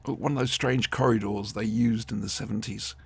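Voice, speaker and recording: A man's voice: lowish voice, a little fast, gravelly, slightly rough. A man, co-hosting a casual, jokey watch-along commentary. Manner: jokey, rambling, animated reactions. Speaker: podcast co-host.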